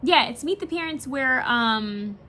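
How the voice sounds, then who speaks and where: Tarot reader, woman, slightly high voice, rambling and talkative, casual swearing. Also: expressive, unhurried, pushed and bright, a little hiss or hum. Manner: chatty and rambling, searching aloud for words; swears and laughs casually while talking. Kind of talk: casual pick-a-picture reading.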